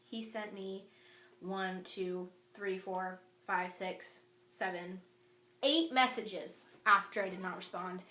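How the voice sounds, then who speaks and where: A young woman telling a storytime vlog, animated and indignant, reading out old text messages. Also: mid-range voice, slow pace, slight background noise. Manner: animated and indignant, quoting texts aloud. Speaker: vlogger. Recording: echoey room.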